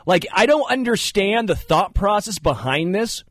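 A man in casual studio banter, spinning rambling, animated stories as the show's host. His voice sits a touch high. The sound is dry and close, with no room around it. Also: moderate pace, no room sound. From Kansas City area. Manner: rambling, animated storyteller who jumps into funny voices. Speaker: radio show host.

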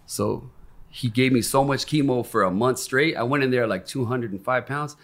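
A man's voice: medium pitch, normal speed. A man, a podcast guest, telling a personal story in casual, candid talk full of swearing and acted-out quotes. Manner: profane and candid, acts out quoted voices.

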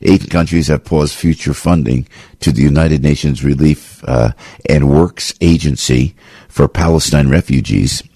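A man's voice: very deep voice, a little slow, mellow, breathy edge, no room sound, clean studio sound. A man hosting a radio talk show, delivering a fired-up political commentary monologue and repeating his phrases as he rants.

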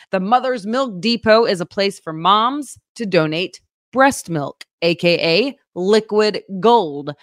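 A woman co-hosting a casual local news show, chatty and quick to laugh, with many fillers. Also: mid-range voice, fairly bright tone, no echo, clean studio sound.

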